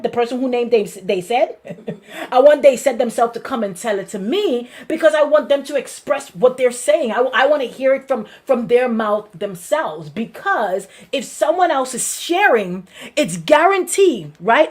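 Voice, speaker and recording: A woman pastor with a Brooklyn accent hosts a weekly talk, preaching in an animated, conversational style and often repeating her phrases. Her voice sits high.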